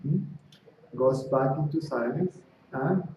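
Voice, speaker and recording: A man's voice: mid-range voice, slow pace. A man giving a spiritual talk to a small group, speaking conversationally and often checking in with his listeners. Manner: conversational, frequent "right?" and "see?" checks; acts out dialogue in stories. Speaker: spiritual teacher. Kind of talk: satsang talk to a small audience. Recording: distant echoey room, dull lo-fi with faint noise.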